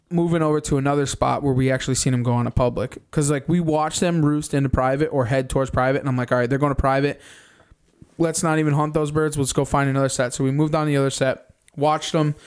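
A young man on a podcast, casually recounting a hunt in animated detail, swearing often and acting out his own reactions. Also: a little high, smooth. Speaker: podcast co-host. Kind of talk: casual storytelling recap.

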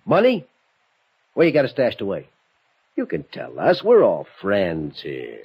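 A sneering escaped convict. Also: male voice, lowish voice, huge pitch swings, unhurried, gravelly, slightly rough, exaggerated voice. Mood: menacing. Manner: taunting, sneering, drawling tough-guy talk. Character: menacing escaped male convict, mocking and cruel. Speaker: villain holding a couple hostage. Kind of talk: vintage broadcast drama acting. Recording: lo-fi old recording with faint music.

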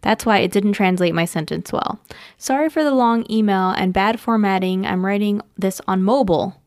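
A woman's voice: mid-range voice, darkish tone, no room sound. Woman co-host reading listener mail. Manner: dry, brief replies, halting reading. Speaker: podcast co-host. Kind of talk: casual podcast chat, reading listener email.

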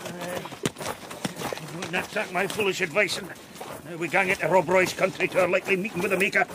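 A man's voice: high-pitched, fairly even intonation, fairly quick, very noisy, lightly acted. A man playing a fearful Scottish servant. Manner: fearful, complaining, hushed. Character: timid, grumbling Scottish servant. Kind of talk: radio drama acting.

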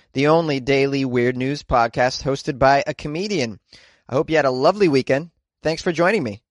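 A man's voice: mid-range voice, no room sound, studio quality. A man, a comedian, hosting a daily news podcast with wry, sarcastic asides between stories.

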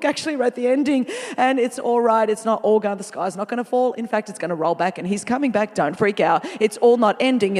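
A woman preaching a sermon as a guest speaker in a large church, animated and playful, with comic asides. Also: medium pitch. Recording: long reverb of a large hall.

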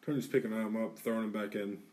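A man's voice: lowish voice, fast. A man co-hosting a podcast, telling a rowdy story in a casual, profane way and acting out what people said. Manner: animated, profane, acts out quotes. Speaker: podcast co-host. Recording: distant mic in a studio.

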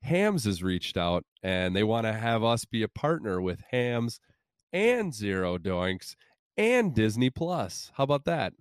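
Slow, deadpan man reading a joke ad. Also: on the low side, clear, resonant tone, no room sound, clean studio sound. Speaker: podcast host. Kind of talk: deadpan comic ad read.

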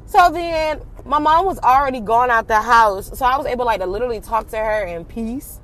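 A woman's voice: on the high side, a little fast, hardly any pauses, a little hiss or hum. Candid young woman telling a story. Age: young adult. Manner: candid, animated, swears freely, slangy. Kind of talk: casual storytime.

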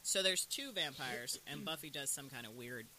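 A co-host in a casual chat, retelling scenes in a lively way and quoting characters. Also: medium pitch, moderate pace, rough recording. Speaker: podcast co-host. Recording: faint hiss in background.

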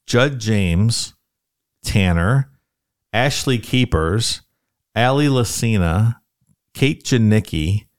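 A Midwestern man co-hosting a podcast, reading off names and cracking crude jokes in casual banter. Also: on the low side. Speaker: podcast co-host.

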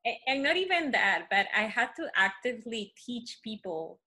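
A woman's voice: fairly high pitch, big pitch swings, moderate pace, bright, forceful tone, breathy edge. A woman from Peru whose first language is Spanish, telling stories as a guest in a casual conversation, full of "you know, like" fillers.

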